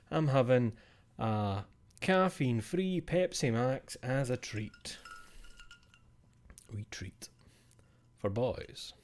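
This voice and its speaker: A man's voice: a little high, gravelly, darkish tone. A man casually chatting on a live stream into a desk microphone, reading out viewer names.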